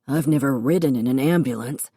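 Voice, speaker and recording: A woman narrator voicing a kind middle-aged father who gently coaxes his son. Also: a bass voice, a little fast, husky, no echo, clean studio sound, pitched below the performer's own voice. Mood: coaxing.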